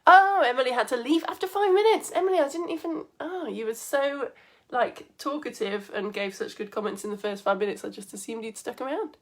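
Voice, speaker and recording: A woman's voice: high-pitched, a little fast. Bubbly chatty woman science teacher. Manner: chatty, bubbly, greets viewers by name. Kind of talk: live online lesson for children.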